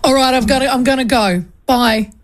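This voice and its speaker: A woman's voice: high-pitched, a little fast. A woman hosting a radio talk show, chatting casually and laughing often.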